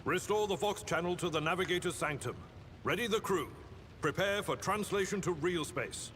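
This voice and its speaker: An actor playing a stern, dutiful male ship officer, giving orders in a formal, commanding, measured way in video game dialogue. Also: high voice, a bit bright, slight background noise. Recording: long reverb on game dialogue.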